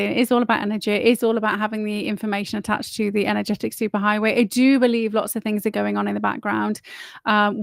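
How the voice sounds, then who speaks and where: A woman's voice: medium pitch, creaky, no room sound, clean studio sound. A woman hosting her own livestream, rambling in a blunt, opinionated way and swearing freely. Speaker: livestream host. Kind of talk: casual opinionated monologue.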